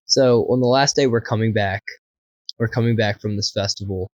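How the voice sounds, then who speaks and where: A man's voice: fairly low pitch, normal speed, dry recording, dull audio. Profane, laughing man telling a story. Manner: profane, laughing, animated anecdote. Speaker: podcast co-host. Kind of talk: casual storytelling.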